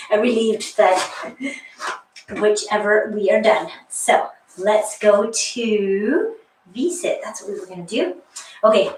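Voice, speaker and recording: A woman's voice: on the high side, far from the mic. A woman leading a workout as a fitness instructor, encouraging and counting down, slightly out of breath. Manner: encouraging, counts down, light laughs. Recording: echoey room, voice off-mic, faint hiss.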